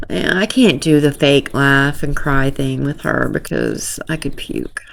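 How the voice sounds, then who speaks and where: A woman's voice: a bass voice, very animated, a little slow, vocal fry, few pauses. A woman giving casual true-crime commentary, reading out messages with dry, amused asides and laughter.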